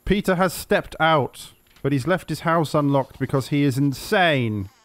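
Young man, gameplay commentary, sarcastic, swearing, slightly high voice, jumpy. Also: a little slow. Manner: sarcastic, swearing, jumpy yelps when startled. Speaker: gaming commentator.

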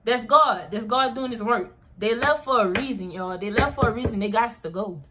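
A woman's voice: on the high side, normal speed, noisy background. A young woman vlogger giving motivational advice straight to her viewers, emphatic and repeating her points, calling them y'all. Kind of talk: motivational vlog talk to viewers.

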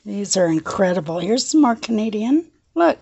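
A woman chatting through a casual craft show-and-tell vlog, gushing and excitable, laughing often and shaky with excitement. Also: medium pitch, normal speed, creaky, slightly rough, dull audio. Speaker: craft vlogger.

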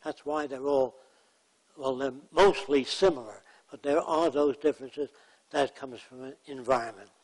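Speaking at normal speed in a medium-pitched, darkish voice, a man gives a lecture made of plain anecdotes. He acts out the people involved and their quotes, and the recording quality is low.

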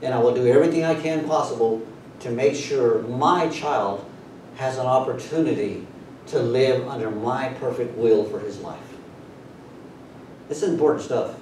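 A man preaching a sermon, taking it slow and stretching out the words he wants to stress. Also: a little mellow. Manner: unhurried preaching with drawn-out emphasis. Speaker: pastor. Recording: very echoey room, voice from far off, faint rumble.

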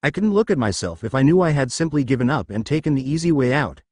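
A man voicing a brash, cheerful young male hero in a storybook reading, with a loud, brash manner. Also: mid-range voice, lively intonation, quick pace, no echo, clean studio sound, close to an everyday voice. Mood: determined.

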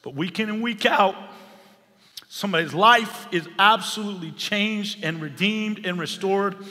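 A male pastor preaching an impassioned sermon that rises to shouts, recorded in a large church hall. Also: high voice, a little slow.

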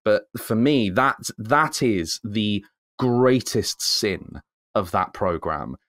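A man's voice: dry recording, studio quality. Man ranting on a podcast. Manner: animated ranting, rising high when excited. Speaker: podcast co-host. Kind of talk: casual chat.

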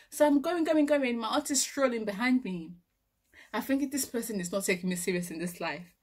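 Animated young woman telling a story. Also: fairly high pitch, brisk. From Nigeria. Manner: acts out her own panicked quotes, laughs often. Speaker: vlogger.

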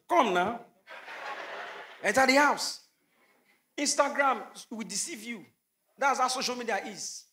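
A man from Nigeria with a Nigerian accent, doing an animated stand-up set on stage, slipping into Pidgin asides and shouting his punchlines. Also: very high-pitched, normal speed, long pauses. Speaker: stand-up comedian. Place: comedy stage before a live audience. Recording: echoey venue with faint noise.

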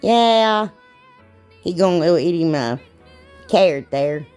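A woman's voice: lowish voice, lively intonation, takes it slowly, darkish tone. Woman, chatty, rambling, self-deprecating, craft tutorial, faint music behind. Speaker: DIY crafts vlogger. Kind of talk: casual craft tutorial narration.

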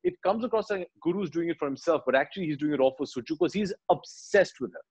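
Husky man telling a story. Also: fairly high pitch, quick pace. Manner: animated storyteller, acts out dialogue lines quietly. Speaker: actor, interview guest. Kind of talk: conversational interview, retelling film scenes.

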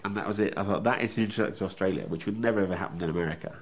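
A man telling animated anecdotes in an interview. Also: racing. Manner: animated storyteller, bursts into high mimicry.

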